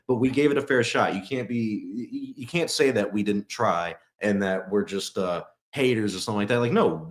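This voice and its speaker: A man's voice: on the low side, echoey room. A man from Texas co-hosting a casual podcast, rambling with many restarts and fillers. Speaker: podcast co-host.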